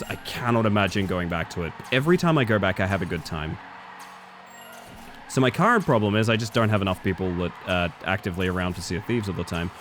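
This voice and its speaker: An Australian man with a lowish, somewhat bright voice chats with his stream audience as he plays a game. He mutters to himself between casual remarks and exclaims without warning.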